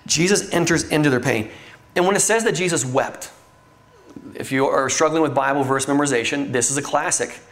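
A man's voice: a little high, brisk, fairly bright tone. Earnest middle-aged male preacher. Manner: earnest, conversational preaching with fillers. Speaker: pastor. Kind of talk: sermon.

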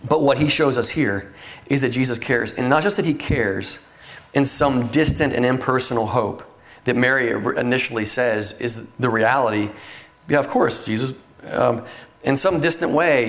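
Middle-aged male pastor, conversational earnest sermon delivery, medium pitch. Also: normal speed, fairly bright tone. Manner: earnest, conversational preaching with fillers.

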